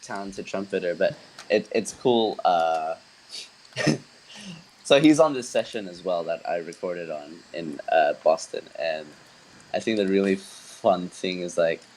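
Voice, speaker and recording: Deep-voiced man, mild Australian accent. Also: unhurried, a little hiss or hum, low-quality recording. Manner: relaxed, rambling, many fillers and restarts. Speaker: band member co-hosting a podcast. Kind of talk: casual podcast chat.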